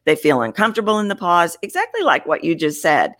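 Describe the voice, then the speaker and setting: A woman's voice: fairly low pitch, very animated, fast talker, a bit bright. A woman voice coach in an interview, talking expressively about how voices work and showing vocal variety as she explains. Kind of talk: interview conversation.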